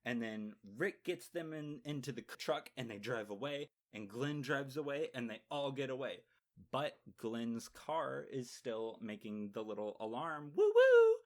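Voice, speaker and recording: A man's voice: medium pitch, a little slow. A man giving a casual, campy and sarcastic recap of a TV episode, swearing freely. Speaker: TV show reviewer.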